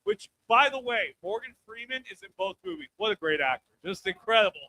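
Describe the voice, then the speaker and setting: Loud, high-voiced brash man on stage. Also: animated, a little fast. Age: 30s. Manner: loud and brash, bursts into shouts to hype the crowd. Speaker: stand-up comedian. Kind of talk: live stand-up set with crowd work. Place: comedy club stage.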